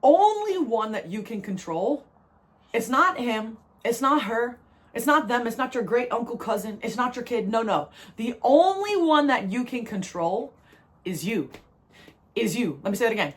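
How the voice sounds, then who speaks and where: Animated, laughing woman tarot reader. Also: fairly high pitch, normal speed. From New Jersey. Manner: animated, repeats phrases for emphasis, laughs often, calls listener "baby". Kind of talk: spiritual tarot reading to viewers.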